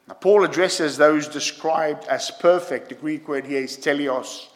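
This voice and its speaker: Man preaching, slightly high voice, emphatic, long reverb of a church hall. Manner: emphatic, repeats "yeah?" to the congregation. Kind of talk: sermon.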